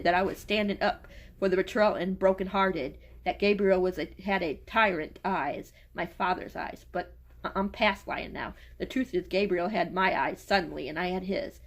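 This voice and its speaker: A woman book reviewer reading a novel aloud and retelling it in a casual way, stumbling and restarting over words. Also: lowish voice.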